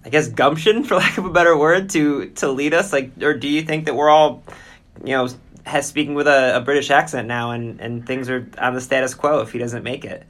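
Host: relaxed man with a mid-range voice who rambles a bit as he asks questions. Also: medium pitch, a little fast. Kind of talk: interview conversation.

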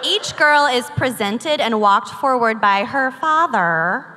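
A woman's voice: on the high side, lively intonation, slow pace. A woman co-hosting a live comedy podcast on stage, wry and crude in her jokes. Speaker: podcast co-host. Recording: echoey hall, audible noise.

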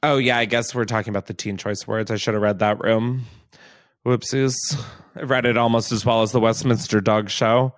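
A man's voice: fairly low pitch, steady tone, brisk, faint music behind. A young man hosting a casual, comedic chat show, joking and laughing often. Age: young adult. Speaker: podcast host.

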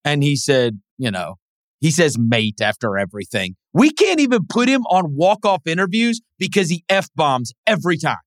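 A man co-hosting a sports podcast, telling stories in a casual, animated way and dropping into high mimicking voices. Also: moderate pace, dry recording, clean studio sound. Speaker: podcast co-host.

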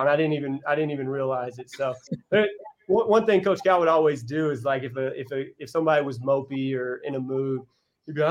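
A young adult man, a college basketball coach, telling heartfelt stories as a podcast guest, earnest and halting with restarts. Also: a little high, poor audio. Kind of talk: casual podcast storytelling.

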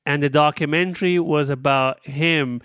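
A man co-hosting a casual podcast, telling stories in an animated way and laughing along. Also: fairly high pitch, moderate pace, smooth, no room sound, clean studio sound. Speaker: podcast co-host.

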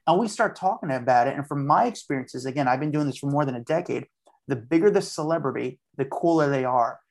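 Male podcast guest, chatty storyteller who replays his own lines, mid-pitched. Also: lively intonation, fast talker. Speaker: podcast guest, street journalist. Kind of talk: casual storytelling.

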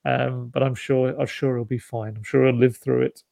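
A man's voice: medium pitch, flat delivery, normal speed, creaky, warm tone, dry recording. A man co-hosting a football podcast, chatting casually with lots of restarts and asides. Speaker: podcast co-host.

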